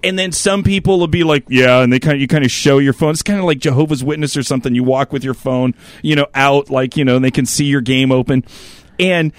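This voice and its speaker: A man hosting a podcast, telling animated stories in casual chat and swearing a lot. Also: medium pitch, fast, no echo, clean studio sound. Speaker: podcast host.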